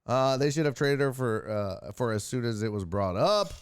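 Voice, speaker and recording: A man's voice: mid-range voice, lively intonation, moderate pace, clear, resonant tone, no room sound. A man hosting a casual streamed sports talk show, joking profanely and reacting to chat messages. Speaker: host.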